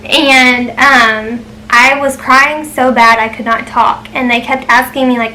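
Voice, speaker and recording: A woman's voice: high voice, fairly even intonation, unhurried, few pauses, pushed and bright, slight background noise, rough recording. A young woman telling a personal story to camera in a chatty way, full of ums and likes. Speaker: vlogger.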